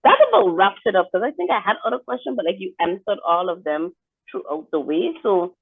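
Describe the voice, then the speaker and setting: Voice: medium pitch, expressive, brisk, slightly rough, no echo. An encouraging interviewer heard over a thin, tinny phone line, with a middle-range voice. She chats casually, laughs along with the guest's stories, and answers with short affirmations.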